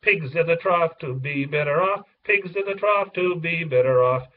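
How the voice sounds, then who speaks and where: A man reading a chorus of boisterous male pigs, chanting slowly and loudly. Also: fairly high pitch, slight background noise, natural voice. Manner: slow, loud chant. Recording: distant, dull lo-fi recording.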